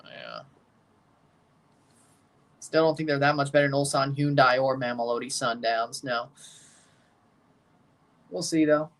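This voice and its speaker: A man's voice: mid-range voice, animated, unhurried, pauses often. A man streaming casual, opinionated commentary as he watches a football match and talks to his viewers.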